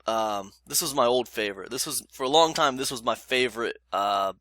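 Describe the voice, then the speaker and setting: A man's voice: medium pitch, brisk, bright, forceful tone, no room sound. A man casually reviewing blenders for his vlog, chatty and emphatic, with lots of fillers and "you guys". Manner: emphatic, repeats points.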